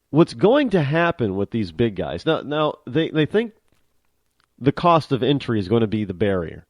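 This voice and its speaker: A man holds forth on his talk show in an unscripted monologue. His pitch swings widely as he presses his points, and he often doubles back and repeats words mid-thought. The voice is mid-pitched and recorded close and dry, with no room sound. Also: very animated, moderate pace, no echo. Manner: conversational, emphatic, frequent restarts and repeated words. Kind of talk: opinionated monologue.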